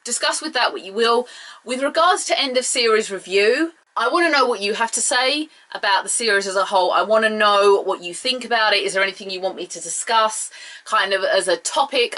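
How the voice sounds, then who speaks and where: A woman's voice: medium pitch, pushed and bright. A young woman, chatting casually and with strong opinions as she reviews a show for her viewers. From England. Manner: chatty, opinionated, rambling asides. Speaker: video reviewer.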